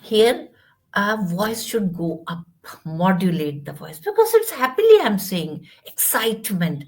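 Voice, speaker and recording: A woman with an Indian English accent, coaching a student in spoken English in a measured, instructive way with quiet asides. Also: medium pitch, big pitch swings. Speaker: English teacher.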